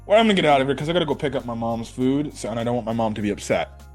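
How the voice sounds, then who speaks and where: A man's voice: medium pitch, rapid-fire, faint music behind. A man hosting a casual anime review, talking animatedly and swearing freely. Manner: animated, acts out quotes, swears. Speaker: host.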